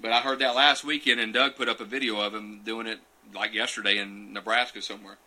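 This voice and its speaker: A man's voice: lowish voice, fairly even intonation, fast talker, pushed and bright. A man hosting a casual live Q and A, chatting folksily and greeting viewers by name from his couch. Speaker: livestream host answering viewer questions. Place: small room, on a futon couch.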